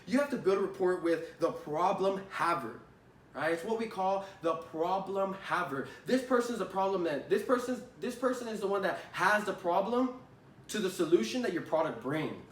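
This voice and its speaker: A man's voice: sits high, sing-song, normal speed. A man giving a casual spoken lesson on sales calls, talking conversationally, repeating his points and often asking "right?". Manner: conversational, repeats phrases, many "right?" tags. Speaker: sales trainer. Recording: roomy echo, distant from the mic.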